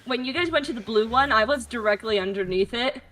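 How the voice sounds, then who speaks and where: Bright-voiced young woman telling a story. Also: on the high side, brisk, soft background music, low-quality recording. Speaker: streamer and podcast guest. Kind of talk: casual podcast chat.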